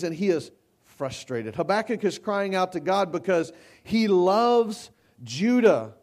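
A man's voice: high-pitched, darkish tone. A male pastor preaching a sermon, emphatic and repetitive, his voice rising into cries when he quotes scripture. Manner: repeats and restarts words.

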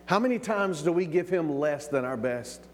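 A preacher with a fairly high voice, delivering a sermon emphatically and stretching out key words. His voice rolls through the long reverb of a large hall. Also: lively intonation. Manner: emphatic, drawn-out pauses, calls of amen.

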